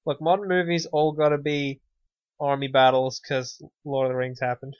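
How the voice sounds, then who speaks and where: A man's voice: mid-range voice, level tone, normal speed, clean tone, no room sound. A man co-hosting a podcast, chatting casually with a wry, sarcastic edge, often trailing off and restarting. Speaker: podcast co-host. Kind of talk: casual chat. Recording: dull, dry lo-fi podcast audio.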